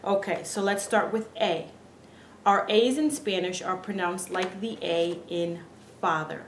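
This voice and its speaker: A woman giving a casual pronunciation lesson, speaking earnestly and slowly repeating each sound to demonstrate it. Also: medium pitch. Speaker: Spanish pronunciation teacher. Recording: echoey room with faint background hiss.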